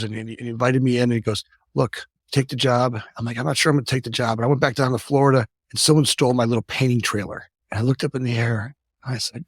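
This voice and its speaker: Fast-talking man in his fifties. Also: mid-range voice, vocal fry, dry recording, clean studio sound. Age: 50s. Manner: rapid, tags lines with "right?", frequent restarts. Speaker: guest, company founder. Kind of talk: casual storytelling interview.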